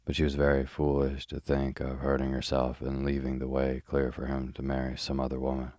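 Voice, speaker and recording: A man's voice: very deep voice, monotone, fairly quick, darkish tone, no room sound, clean studio sound. A man voicing a chatty, pious older spinster housekeeper in a sleepy bedtime audiobook reading. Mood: gossipy. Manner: chatty, prim, old-fashioned.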